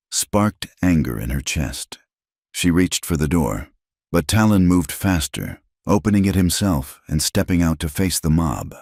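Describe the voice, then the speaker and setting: Very deep-voiced male storyteller. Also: a little mellow, no echo, clean studio sound. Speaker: narrator. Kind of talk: scripted storybook narration.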